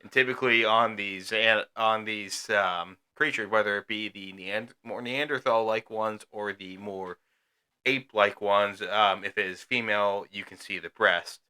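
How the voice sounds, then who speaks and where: A man's voice: fairly low pitch, fairly even intonation, unhurried, sharp tone, clear, resonant tone. A man co-hosting a podcast in casual chat, rambling with many fillers and restarts. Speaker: podcast co-host.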